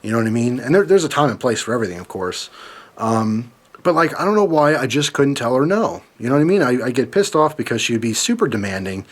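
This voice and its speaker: A man's voice: medium pitch, big pitch swings, fast talker. A young man telling a personal story in a casual vlog, rambling and swearing, with lots of fillers and restarts. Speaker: vlogger.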